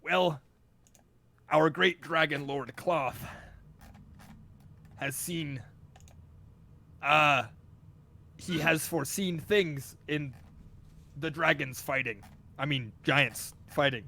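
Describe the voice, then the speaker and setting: A man's voice: on the high side, drawn-out words, creaky, pauses often, sharp tone, full character voice. A man voicing a formal male dragonborn emissary, proclaiming in a grand, stately way. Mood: halting.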